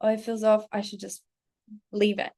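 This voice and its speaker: A woman's voice: medium pitch, normal speed. Candid, chatty woman swearing freely. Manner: animated, slips into acted quotes of herself and others. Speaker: spiritual coach and channel host. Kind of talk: casual unscripted monologue to camera.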